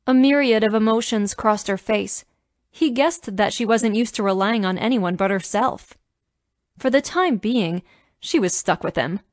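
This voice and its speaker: A woman narrating a romance audiobook in a measured storytelling manner. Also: on the high side, lively intonation, no echo, studio quality.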